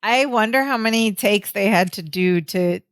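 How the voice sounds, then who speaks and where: A woman's voice: medium pitch, normal speed, no room sound, studio quality. A woman co-hosting a podcast, casually retelling sitcom scenes and quoting the dialogue. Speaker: podcast co-host. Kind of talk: casual chat recapping a sitcom.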